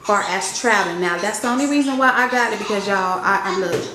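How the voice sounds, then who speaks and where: A woman's voice: mid-range voice, fast talker, very noisy. A young woman chatting casually to her viewers in a home vlog, recorded in her kitchen. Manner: chatty, talks straight to viewers, says "y'all" often. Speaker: vlogger, stay-at-home mom. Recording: echoey room with loud background music.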